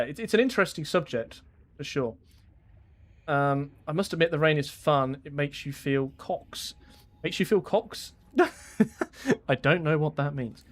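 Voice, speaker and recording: Chatty English man streaming a game. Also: fairly high pitch. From England. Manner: chatty, laughs often, reads chat aloud. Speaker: gaming streamer. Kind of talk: casual live-stream chat while playing.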